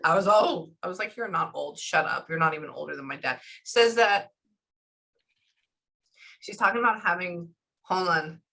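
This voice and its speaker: A woman, working as a medium in a casual session, relaying messages in quick chatty bursts. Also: fairly low pitch, gravelly, pushed and bright, poor audio. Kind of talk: casual reading session with clients.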